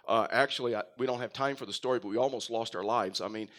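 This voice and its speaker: A middle-aged man from Texas preaches a sermon, his Texan accent mostly worn away. His voice sits in an ordinary middle range for a man. He builds to loud, emphatic lines, then drops into quiet, fast asides and folksy stories. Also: mid-range voice. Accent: faint Texan. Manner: storytelling, rises and drops in volume for emphasis. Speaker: pastor.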